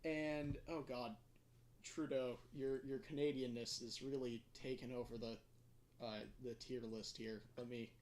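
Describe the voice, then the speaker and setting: A man's voice: medium pitch, level tone, unhurried, darkish tone, slight background noise. A man hosting a casual livestream, rambling and self-deprecating with lots of fillers. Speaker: livestream host.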